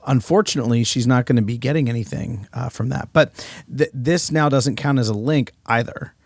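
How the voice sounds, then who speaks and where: Guy with a gravelly rough voice walking through his screen on a podcast call, dry close sound. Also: medium pitch, fairly quick, a little mellow, no room sound. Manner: explains while walking through a shared screen. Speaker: podcast co-host. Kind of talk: casual business podcast discussion.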